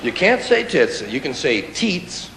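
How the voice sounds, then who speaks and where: A male stand-up comedian performing a routine on stage, animated and mock-incredulous with playful emphasis. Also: fairly high pitch, a little slow, vocal fry. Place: live stage before an audience. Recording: roomy live venue with audience laughter. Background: audience laughter and crowd noise.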